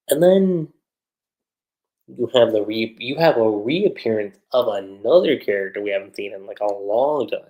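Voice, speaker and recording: A man hosting a livestream, recapping an anime episode in a chatty, animated way, with lots of fillers. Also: fairly low pitch, normal speed, poor audio. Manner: animated retelling with frequent fillers. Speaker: anime reviewer.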